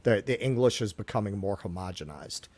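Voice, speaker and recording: A man from New York co-hosting a casual political chat stream, talking in an animated, indignant way with lots of swearing. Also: fairly low pitch, a little fast. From New York, Queens. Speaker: co-host.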